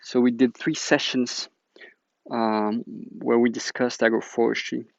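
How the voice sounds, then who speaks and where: Male host, chatty and keen, gravelly voice, muffled lo-fi sound. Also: medium pitch, little pitch movement, measured pace, dry recording. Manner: upbeat, chatty, enthusiastic. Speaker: agroforestry teacher, channel host. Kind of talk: casual announcement to viewers. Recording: dull lo-fi dry recording.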